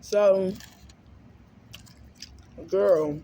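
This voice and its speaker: A woman's voice: mid-range voice, extremely slow, warm tone, a little hiss or hum. A woman vlogger chatting casually to her viewers between bites, humming and smacking as she eats. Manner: talks between bites, with lip smacking and hums. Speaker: mukbang vlogger. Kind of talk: casual eating vlog chat.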